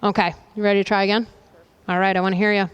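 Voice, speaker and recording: A woman soccer coach leading a goalkeeping demonstration with players, brisk and directive, checking in with a constant "okay?" and loudly calling out commands. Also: medium pitch, flat delivery, clean tone, muffled recording. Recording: reverberant hall, voice from a distance.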